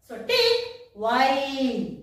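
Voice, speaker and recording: Very high sing-song Indian woman teacher. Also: very animated. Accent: Indian English. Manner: slow, sing-song teacher talk, spelling words out letter by letter. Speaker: primary school English teacher. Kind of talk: recorded online class. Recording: echoey room, voice from a distance.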